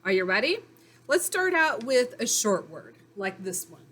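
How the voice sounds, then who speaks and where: A woman teaching young children phonics in a recorded lesson, speaking slowly and clearly in an encouraging way. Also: a little high, sing-song, fairly bright tone, slight background noise.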